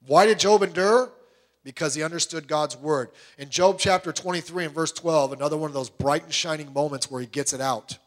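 A man with a high, light voice preaches a sermon. He talks with strong emphasis and keeps firing rhetorical questions at the congregation. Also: brisk. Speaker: pastor.

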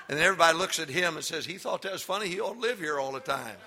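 A middle-aged male pastor preaching a humorous sermon to a live congregation, telling jokey stories and then building into shouted exhortation. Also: on the high side, fast talker. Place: church before a live congregation.

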